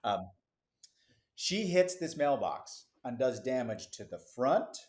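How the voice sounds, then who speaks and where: Brief: middle-aged man, podcast guest, lively storyteller, mid-pitched and chatty, quick asides, laughs easily. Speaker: business founder, podcast guest. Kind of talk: casual interview storytelling.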